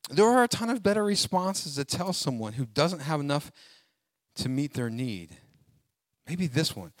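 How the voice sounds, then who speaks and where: A man preaching a sermon as pastor, animated and joking, calling on the congregation to finish his lines. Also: mid-range voice, moderate pace, no echo. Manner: call-and-response preaching, asks congregation to fill in words; animated, jokes and laughs, sings snatches.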